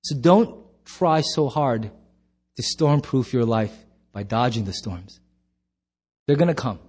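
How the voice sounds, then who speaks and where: A middle-aged man preaching a sermon as pastor, emphatic, swinging from loud bursts to hushed low lines. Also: expressive, takes it slowly, husky.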